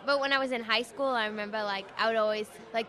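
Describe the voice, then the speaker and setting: A shy young woman with an English accent, answering interview questions in a soft, hesitant way, full of fillers. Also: on the high side, fairly even intonation, fast. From England. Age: young adult. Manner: shy, soft-spoken, trails off with many fillers. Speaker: singing contestant guest. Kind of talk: casual radio interview answers. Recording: crowd chatter at a busy event. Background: event crowd.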